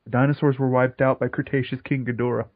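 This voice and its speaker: A man co-hosting a podcast, dropping deadpan jokes in casual commentary. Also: medium pitch, fast talker. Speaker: podcast co-host. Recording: dry muffled lo-fi recording.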